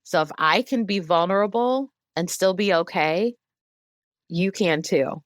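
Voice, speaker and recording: A woman in her thirties, a guest on an interview show, speaking candidly and earnestly, growing animated when she quotes other people. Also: lowish voice, unhurried, no room sound, clean studio sound. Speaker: guest, emotional wellness advocate.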